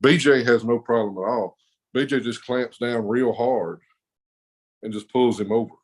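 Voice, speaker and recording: A man's voice: mid-range voice, fairly even intonation, moderate pace, rough recording. A man telling a rowdy story on a podcast in a rambling, profane way, laughing often. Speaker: podcast guest. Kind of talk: casual storytelling.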